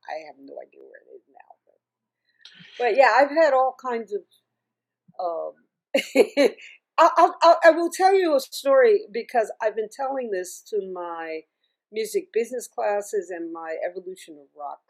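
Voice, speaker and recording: A middle-aged woman, a singer and music teacher, telling stories as an interview guest in a chatty, animated way, often laughing and restarting her sentences. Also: mid-range voice, moderate pace. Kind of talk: casual interview storytelling.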